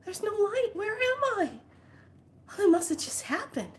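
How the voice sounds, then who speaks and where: A woman doing her frightened older mom, high and fretful. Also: sing-song, moderate pace, a little hiss or hum. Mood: panicked. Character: frightened older mother who thinks she died.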